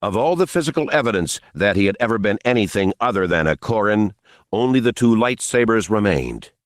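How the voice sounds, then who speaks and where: A man reading an unabridged novel aloud in a measured, even narration. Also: on the low side, no room sound, studio quality. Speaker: audiobook narrator. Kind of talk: scripted audiobook narration.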